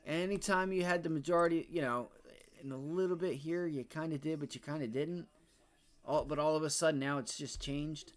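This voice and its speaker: A young man hosting a live trading stream with a fairly high-pitched voice. He rants and swears at the market, jumping from loud exasperated outbursts to low grumbling under his breath. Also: moderate pace. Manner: frustrated, profane, ranting about price action; swings between loud outbursts and low muttering. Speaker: day trading livestream host.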